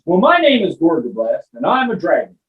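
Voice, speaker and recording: A man's voice: fairly high pitch, huge pitch swings, fairly quick. A man doing a patient dragon teacher puppet. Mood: teacherly. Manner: teacherly, coaxing. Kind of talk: live children's puppet show. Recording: distant, roomy, dull live recording.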